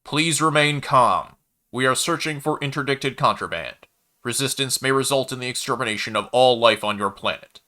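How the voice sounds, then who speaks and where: A man voicing a calm, menacing robotic enforcer making a slow, formal planetary announcement. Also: medium pitch, pitched above the performer's own voice, close to an everyday voice. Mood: announcing.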